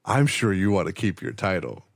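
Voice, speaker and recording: A man voicing a cold, menacing female android who delivers threats flat and low. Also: moderate pace, dry recording, clean studio sound, exaggerated voice. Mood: deadpan menace.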